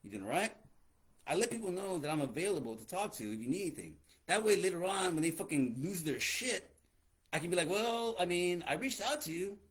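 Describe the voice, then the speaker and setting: Fast-talking profane male podcast host. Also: high-pitched, animated, breathy edge. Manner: blunt, profane, lecturing. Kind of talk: casual podcast rant.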